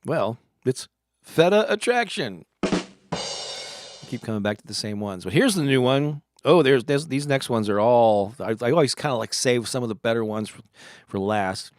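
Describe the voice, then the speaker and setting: A man's voice: medium pitch, expressive, normal speed. Playful man telling corny puns. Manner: playful, laughs at his own puns. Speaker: live stream host. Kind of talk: corny joke segment on a live stream.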